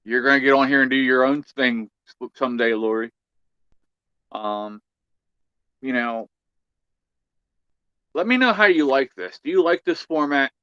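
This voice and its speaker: A man's voice: mid-range voice, lively intonation, a little slow, long pauses, sharp tone, clear, resonant tone, no room sound, dull audio. A man hosting a casual livestream chat, easygoing and chatty, reading out viewer comments. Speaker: livestream host.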